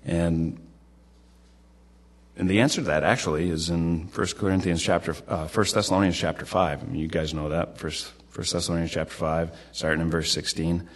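A low-voiced pastor speaks in a steady tone at a moderate pace. His sermon is casual and conversational, and he often repeats himself and starts his phrases over.

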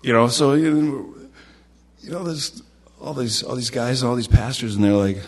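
Speaking at a moderate pace in a mid-range voice, a pastor gives a casual, conversational sermon. He often repeats himself and starts his phrases over.

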